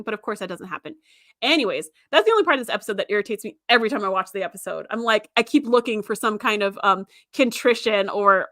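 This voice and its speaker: A woman's voice: mid-range voice, pushed and bright, no room sound, clean studio sound. Chatty woman hosting a livestream. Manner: chatty and emphatic, with frequent fillers. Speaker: show host. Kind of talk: casual livestream commentary.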